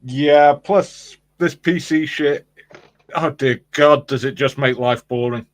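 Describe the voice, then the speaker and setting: A man's voice: mid-range voice, slow, muffled recording. A Welsh man from Wales, chatting as a guest in a blunt, laid-back, profane way. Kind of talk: casual chat.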